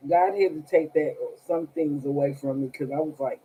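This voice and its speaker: A woman with a low-pitched, husky voice speaks at a moderate pace over narrow, tinny audio. She hosts a tarot live stream, casually telling stories to viewers with a sarcastic, profane manner and laughing frequently.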